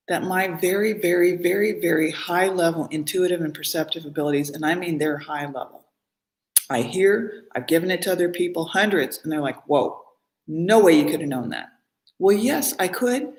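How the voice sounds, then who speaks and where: A woman in a casual live stream monologue, talking at length in a rambling, emphatic way and often repeating her words. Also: fairly low pitch. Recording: roomy echo.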